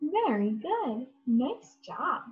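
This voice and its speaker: A North American woman teaches English to young learners at a very slow, deliberate pace, her high voice swooping up and down. She praises every answer and draws each word out clearly. The recording is dull and lo-fi. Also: sing-song. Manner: encouraging, drawn-out words with lots of praise. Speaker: ESL teacher.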